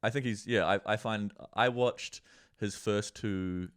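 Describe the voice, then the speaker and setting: A man's voice: on the low side, steady tone, measured pace, smooth, dry recording, clean studio sound. A man with a New Zealand accent, a guest comedian chatting casually on a podcast, rambling and swearing freely.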